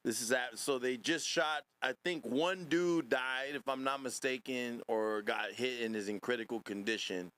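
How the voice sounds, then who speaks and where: A man's voice: mid-range voice, normal speed, few pauses, a bit bright. A man hosting a podcast, reacting to clips in casual commentary, laughing often and swearing.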